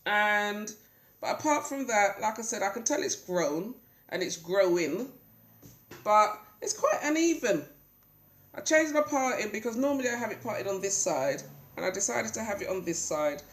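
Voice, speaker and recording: In a roomy home recording, a UK woman who has a cold chats loosely through a hair update vlog, full of ums. She speaks at normal speed in an expressive mid-range voice.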